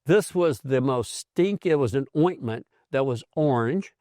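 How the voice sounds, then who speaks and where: An older man, a physician, tells his own health story in a lively, conversational way. He drops into the voices of people he quotes, and his voice sits at a middle pitch. The sound is close and dry, with almost no room around it. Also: measured pace, no echo. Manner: animated storyteller who acts out quoted voices. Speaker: physician host.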